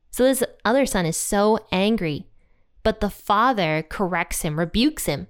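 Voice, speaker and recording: A woman's voice: medium pitch, expressive, a little slow, smooth. A woman giving an informal sermon, speaking in an earnest, conversational and emphatic way. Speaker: speaker giving a church talk.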